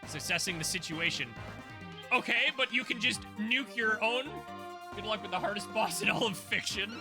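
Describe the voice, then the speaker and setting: A man's voice: high-pitched, steady tone, moderate pace, poor audio. A man giving casual, jokey commentary while playing a video game and reading its text aloud. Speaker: gaming channel host. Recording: game music underneath.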